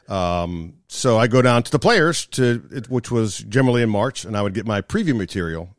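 Middle-aged male co-host, mid-pitched, animated anecdotes, dry close-miked sound. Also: no room sound. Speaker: podcast co-host, former golf broadcaster. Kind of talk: casual chat.

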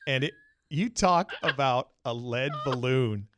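A man co-hosting a sports podcast, telling stories in an animated way and jumping up in pitch when he quotes people. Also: a little slow. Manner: animated storyteller, jumps high when quoting people. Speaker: podcast co-host. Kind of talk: casual sports talk.

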